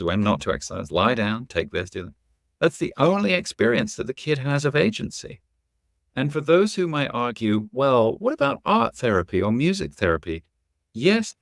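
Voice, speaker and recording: A middle-aged man, an actor and educator, telling an animated story as a podcast guest and acting out the people in it. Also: lowish voice, creaky, no echo, studio quality. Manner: animated, acts out quoted voices.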